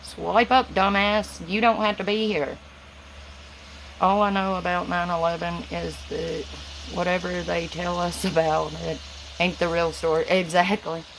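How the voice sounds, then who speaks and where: A woman's voice: fairly low pitch, flat delivery, normal speed, gravelly, a little hiss or hum, poor audio. A woman with a Southern US accent, answering viewers' comments on a phone live stream in a casual, chatty way. Her words run together and she stutters a little. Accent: Southern US, Tennessee. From Southern United States.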